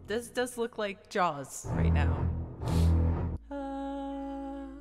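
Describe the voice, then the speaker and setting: Woman gamer, lively high voice, slow and playful, sings along over faint game music. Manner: playful, sings and hums along, laughs often. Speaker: gamer streamer. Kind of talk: game play-through commentary.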